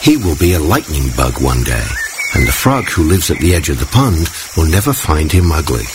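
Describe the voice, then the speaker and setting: A man voicing a small, gloomy boy cricket in a storybook reading, soft and downcast. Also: rumbling low, sing-song, moderate pace, heavy background noise, heavily acted. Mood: glum. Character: sad, self-doubting little boy cricket.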